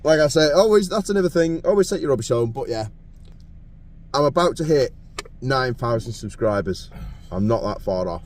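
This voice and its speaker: Jokey excitable man fishing outdoors at night. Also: mid-range voice, normal speed, distant mic. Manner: jokey, laughing often, excitable. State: cold. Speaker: fishing vlogger. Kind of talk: casual outdoor chat to camera.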